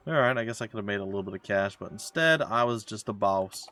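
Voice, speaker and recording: A man's voice: lowish voice, animated, fast talker, few pauses, bright, forceful tone, dry recording. A man giving casual, wry commentary while playing a game and reading its dialogue aloud. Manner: wry, joking asides. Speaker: let's play gamer.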